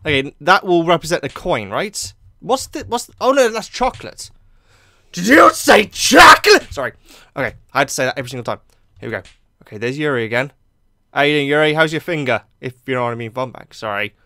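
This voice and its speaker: A man giving excitable, chatty let's play commentary, joking and laughing often. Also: medium pitch, fast, no room sound, clean studio sound. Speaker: YouTube gamer.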